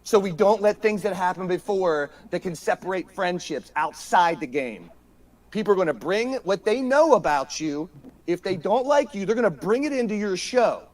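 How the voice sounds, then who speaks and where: A high-voiced man, fired up and ranting on a casual podcast. He swears often and repeats his points again and again for emphasis. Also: animated, moderate pace. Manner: profane, emphatic, repeats himself. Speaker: podcast guest.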